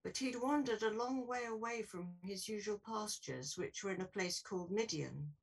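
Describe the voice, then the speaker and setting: A woman preaching a sermon in a church in a clear, explanatory way. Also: mid-range voice, normal speed, far from the mic, low-quality recording.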